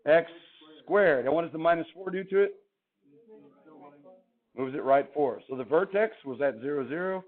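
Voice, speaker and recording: A man's voice: on the high side, animated, normal speed, pauses often. A male math teacher lecturing a classroom, chatty and quizzing the students as he goes. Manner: chatty, asks the class questions. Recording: tinny phone-like classroom recording.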